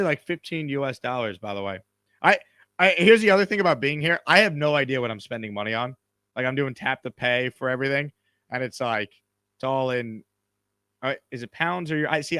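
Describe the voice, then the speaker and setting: A man hosts a live sports talk stream, rambling and joking as he stumbles over his words. His voice is bright and forceful, recorded dry and close. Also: medium pitch, animated, fast talker, dry recording. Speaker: host.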